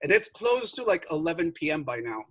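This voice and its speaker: A young man telling a story in casual chat, animated, swearing and full of filler words. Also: a little high, fairly quick, poor audio. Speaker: podcast co-host.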